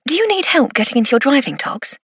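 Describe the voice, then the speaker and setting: A woman's voice: high-pitched, very animated, fast, dry recording, clean studio sound, voice pushed up. A woman voicing a spirited, playful aristocratic lady who speaks in a well-spoken, theatrical way.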